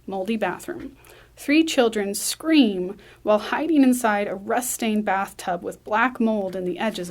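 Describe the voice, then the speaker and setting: A woman reading a screenplay aloud, brisk, with small slips and restarts. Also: mid-range voice, a little mellow. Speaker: script reader.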